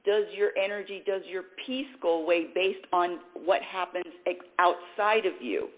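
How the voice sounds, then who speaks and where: On a tinny, phone-like recording, a woman hosts a spiritual talk show on the radio. Her voice sits fairly low, with lively intonation and a normal speed, and she rambles, corrects herself, and laughs at her own slips.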